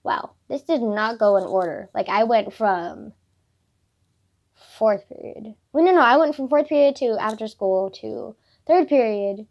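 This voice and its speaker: Teen girl vlogger, slightly high voice, chatty storytime ramble, swears freely. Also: lively intonation, unhurried, dull audio. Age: teens. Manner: chatty, filler-heavy, swears a lot.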